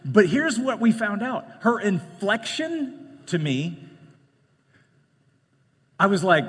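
A male pastor with a husky, slightly high voice preaches a conversational sermon, swinging between loud emphatic points and quiet asides. His words carry a long reverb, as if ringing through a big church hall. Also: big pitch swings, unhurried, long pauses.

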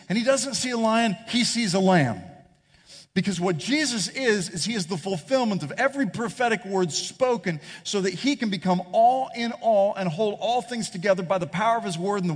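A man preaches with a high voice, speeding up and slowing down to drive points home. His sermon rings out with the long reverb of a large hall. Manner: animated preaching, shifting pace and pitch for emphasis. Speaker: pastor.

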